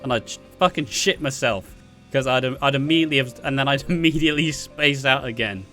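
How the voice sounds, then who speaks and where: A man's voice: mid-range voice, fairly quick, sharp tone, faint music behind. A young man with a Welsh accent telling rambling, sweary anecdotes, laughing as he goes. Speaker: vlogger. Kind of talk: casual storytelling.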